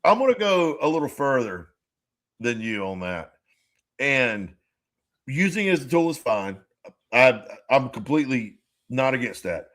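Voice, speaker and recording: A man co-hosting a podcast in casual chat, rambling and halting, full of restarts and swearing. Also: medium pitch, sing-song, a bit bright. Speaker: podcast co-host.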